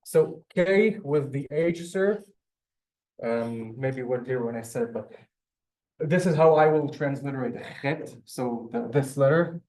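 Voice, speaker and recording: A man's voice: mid-range voice, measured pace, darkish tone. A man teaching a language class in a classroom. He explains patiently and step by step, and often checks that the class is following. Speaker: Hebrew teacher. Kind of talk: classroom lesson.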